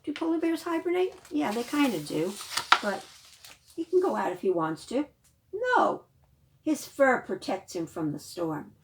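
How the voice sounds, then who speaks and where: A woman librarian leading a children's storytime, reading a picture book aloud with animated questions to the young listeners. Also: a little high, moderate pace, a little hiss or hum. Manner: animated, questions to the children, gasps and sing-song.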